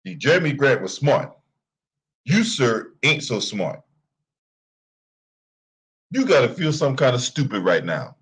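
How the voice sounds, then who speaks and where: Husky man mocking in sports commentary. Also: mid-range voice, sing-song, a little slow, pauses often, a bit bright. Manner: laughing, profane, mocking. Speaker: sports commentary channel host.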